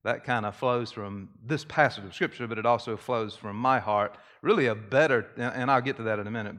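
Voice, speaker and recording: A man preaching a sermon, leading a short prayer and explaining terms in a measured way, repeating key phrases for emphasis. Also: mid-range voice, fairly bright tone. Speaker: pastor.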